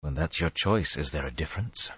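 A man's voice: extremely low pitch, expressive, fairly quick, a bit bright, husky, dry recording, highs cut off, exaggerated voice. A man voicing a tormented, half-mad man who pants out his words raggedly and bitterly. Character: tormented, half-mad man's voice in the hero's head.

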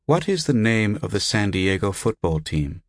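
A man voicing an unseen doctor whose recorded voice is flat and without intonation. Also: fairly low pitch, moderate pace, no echo, studio quality. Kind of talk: audiobook character voice.

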